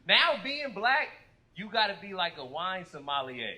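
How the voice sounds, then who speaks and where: An American stand-up comedian with a high voice performs on a comedy club stage, telling animated stories with acted-out quotes at a moderate pace. The live club recording is low quality and picks up audience noise.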